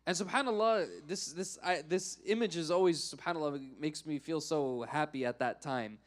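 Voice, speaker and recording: A man giving a Friday sermon, telling a story in an animated way and acting out the characters. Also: a little high, normal speed.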